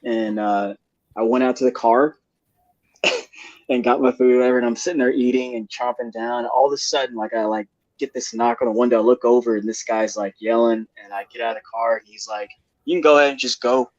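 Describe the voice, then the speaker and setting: A young man spins a rambling story on a live panel, full of slang, swearing and laughter. His voice sits mid-pitch, dry and close. The sound is dull and lo-fi. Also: steady tone, a little fast, a little mellow, dry recording. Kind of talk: casual storytelling. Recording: dull lo-fi live stream audio.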